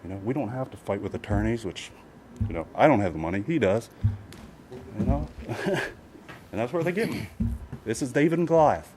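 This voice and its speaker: A man's voice: mid-range voice, lively intonation, brisk, pauses often, a little mellow. A man pleads his case as a property owner during public comment at a county meeting. He talks in an emotional, repetitive way, circling back with "you know" again and again. A faint hum sits behind him in the meeting room.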